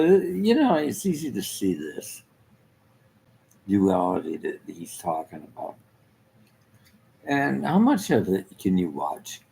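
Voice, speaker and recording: A man's voice: lowish voice, vocal fry, mellow, slight background noise, low-quality recording. A man giving a rambling casual monologue, trailing off mid-thought and chuckling often.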